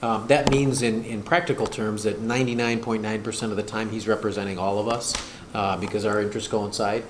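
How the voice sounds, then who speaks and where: A man's voice: fairly low pitch, fairly even intonation, a little fast, hardly any pauses. A man speaking as a school district administrator at a board work session, talking hesitantly with many fillers and restarts. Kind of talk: meeting discussion. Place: school board meeting room. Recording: echoey room, noisy, far mic.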